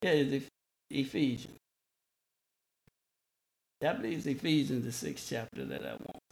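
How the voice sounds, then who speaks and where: A man preaching a sermon, slow and repetitive, restarting words for emphasis. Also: mid-range voice, wildly swooping pitch, vocal fry, darkish tone.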